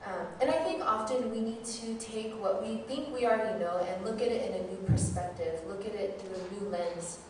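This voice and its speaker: A woman's voice: mid-range voice, normal speed, hardly any pauses, slight background noise. A woman who teaches, giving a candid, self-deprecating personal testimony as a sermon. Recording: very echoey hall, mic far off.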